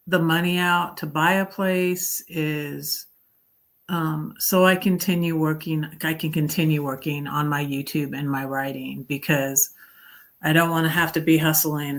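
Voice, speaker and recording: A middle-aged woman from the United States hosting a casual livestream, rambling and halting with many ums, and greeting viewers brightly. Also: deep voice. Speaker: livestream host.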